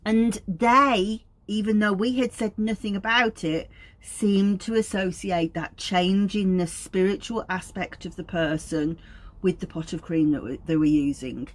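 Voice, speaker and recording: A woman's voice: medium pitch, fairly even intonation, measured pace. A woman, an aromatherapist, giving an informal teaching talk in a meandering, anecdotal way.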